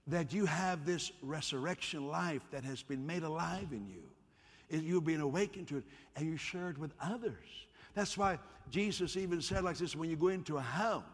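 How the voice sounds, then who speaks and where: A husky, somewhat high-voiced man preaches to his congregation in a lively, joking way. His voice rings with a long hall reverb. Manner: animated, playful, asks the congregation to respond. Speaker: pastor. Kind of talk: sermon. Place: church hall.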